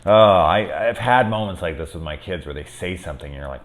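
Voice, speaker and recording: A man in his thirties talks through a horror film in a casual, unscripted review. His voice sits very low. He swears often and swings from soft, reflective asides to loud, worked-up outbursts. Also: lively intonation, a little fast. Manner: candid and profane, swinging from quiet musing to loud exasperated outbursts.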